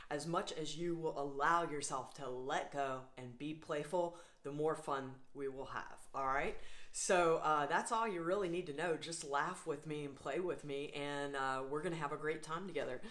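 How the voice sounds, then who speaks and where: A woman's voice: low voice, a bit bright. A woman leading a guided laughter yoga class, playful and coaxing, often breaking into laughter as she cues each exercise. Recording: echoey room.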